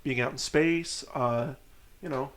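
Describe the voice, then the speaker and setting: A man's voice: medium pitch, measured pace, a bit bright. A young man in casual podcast chat who jokes around and mimics accents. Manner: joking, puts on silly accents.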